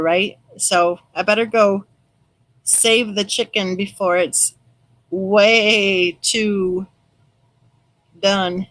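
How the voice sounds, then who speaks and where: A middle-aged woman hosts a casual live stream, reading viewer comments aloud and answering each person by name. Her voice sits at an ordinary pitch and sounds dry and close to the mic, with no room around it. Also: no room sound, poor audio. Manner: chatty, reads viewer comments aloud and replies warmly by name. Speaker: true crime channel host reading live chat.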